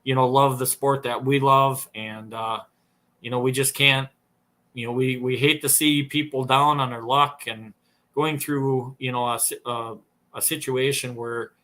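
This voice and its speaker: A man's voice: mid-range voice, fairly even intonation, a little slow, sharp tone. A man with an Upper Midwest American accent, a snowmobile tuner telling long, rambling stories as a podcast guest, full of fillers and restarts. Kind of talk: casual storytelling interview.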